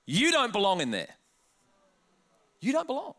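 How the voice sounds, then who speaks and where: A man voicing an irate old man who shouts the same demand over and over. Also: very high-pitched, huge pitch swings, moderate pace, voice pushed up, exaggerated voice. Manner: loud repeated shouted demands. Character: irate old man guarding a church, yelling.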